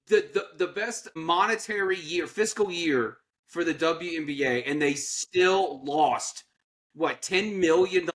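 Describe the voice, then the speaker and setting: A man with a notably high voice hosts a sports talk podcast. He rants with sarcasm and slips into mocking voices to make his point. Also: a bit bright. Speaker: podcast co-host. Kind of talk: opinionated sports podcast rant.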